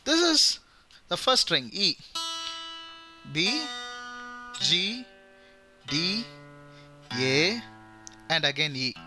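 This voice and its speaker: Lively Indian-accented man teaching. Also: drawn-out words, pauses often. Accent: Indian English. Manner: animated, repeats with "right?" and "okay?", demonstrates high and low voice. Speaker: engineering lecturer. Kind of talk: informal video lesson. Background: guitar playing.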